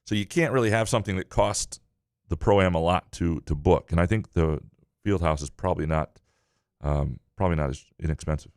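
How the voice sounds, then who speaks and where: A man co-hosting a sports podcast, answering listener questions in a casual, halting way with frequent restarts. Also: low-pitched, a little mellow, no room sound, clean studio sound. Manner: halting, many restarts and fillers. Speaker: podcast co-host.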